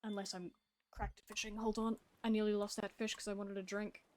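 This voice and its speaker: A woman's voice: mid-range voice, level tone, a little fast. Chatty woman streaming a game. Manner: chatty, talks to game creatures. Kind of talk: casual gameplay chat.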